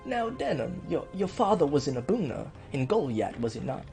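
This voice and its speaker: A man voicing a pompous, scheming middle-aged duke in a game let's play, with a nasal, weaselly twang and formal, drawn-out courtly speech. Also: on the high side, very animated, creaky, warm tone, faint music behind. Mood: commanding.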